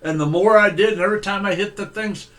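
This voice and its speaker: A middle-aged male preacher telling a personal story in a folksy, conversational sermon, with fillers and pauses. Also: high voice, a bit bright.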